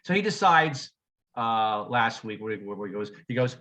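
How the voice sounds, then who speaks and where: In a casual podcast chat, a man who teaches music shares funny stories, laughing a lot, cursing, and animatedly imitating the people he quotes. He speaks at a normal speed with a fairly low pitch. The recording is muffled.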